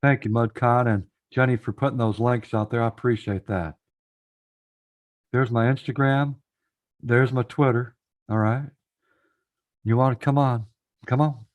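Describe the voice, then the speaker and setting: A man's voice: medium pitch, steady tone, a little slow, long pauses. A man hosting a casual live stream panel, encouraging guests to come up and talk, often repeating himself. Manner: encouraging, repeats phrases, addresses chat directly.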